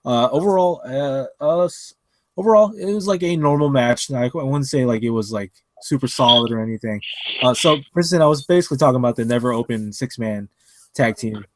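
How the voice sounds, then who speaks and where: A man's voice: mid-range voice, brisk. A man co-hosting a casual wrestling podcast over an online call, rambling with many fillers and restarts. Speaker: podcast co-host.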